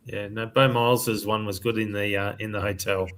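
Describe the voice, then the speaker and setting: A man hosting a running podcast in casual chat, chatty and quick to laugh. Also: lowish voice, little pitch movement, a bit bright. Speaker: podcast host.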